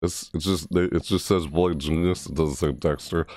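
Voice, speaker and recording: A man hosting a casual reaction video, rambling excitedly about a game trailer. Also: moderate pace, no room sound, clean studio sound. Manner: excitable, rambling, mimics game voices in high yelps.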